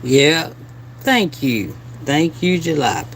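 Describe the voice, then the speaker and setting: A man hosting a reaction video, talking casually with slow, drawn-out phrasing and laughing asides. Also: on the high side, sing-song, noisy background. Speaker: reaction channel host.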